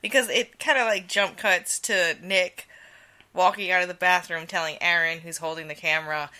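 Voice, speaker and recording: A woman's voice: lowish voice, steady tone, normal speed, pushed and bright. A young woman co-hosting a casual podcast, rambling through stories with lots of "like" and frequent laughs. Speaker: podcast co-host.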